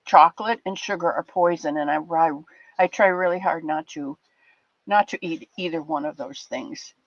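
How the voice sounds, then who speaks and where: An older woman hosting a livestream, chatting warmly and rambling with her viewers in a casual, affectionate way. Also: lowish voice, normal speed, vocal fry. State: a bit teary. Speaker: livestream host. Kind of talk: casual chat with live chat viewers. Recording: dull lo-fi dry sound.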